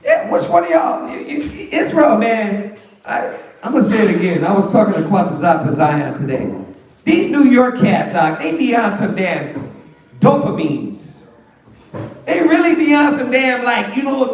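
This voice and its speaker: A man teaching a Bible class in a lively, slangy, joking way, full of rhetorical questions. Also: high-pitched, measured pace, a little hiss or hum. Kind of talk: lively street-talk preaching. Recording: echoey room, voice far from mic.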